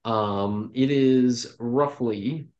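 A man narrates a tabletop game as its dungeon master, easygoing and unhurried, dropping ums and restarts as he describes the scene. His voice sits at an ordinary middle pitch. The sound is dull and lo-fi, like home call audio. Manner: relaxed, loose narration with many fillers and restarts. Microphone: home microphone on an online call.

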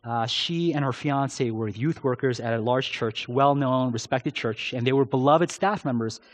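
A man preaching a sermon with passion, swinging between loud, pressing phrases and low, soft drops for emphasis, with frequent "uh" fillers. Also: normal speed. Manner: uses filler "uh" often. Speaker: pastor.

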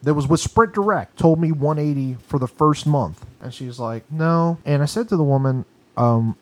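A man's voice: medium pitch, moderate pace, darkish tone. A man on a podcast in a recording studio, telling a long story as a casual rant that is agitated, profane and emphatic. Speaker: podcast co-host.

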